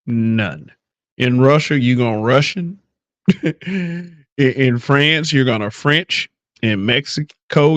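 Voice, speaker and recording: A man's voice: medium pitch, a bit bright, clean tone, dry recording, lo-fi sound. A man hosting a podcast in casual chat, blunt and profane, often mimicking other people's voices. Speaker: podcast host.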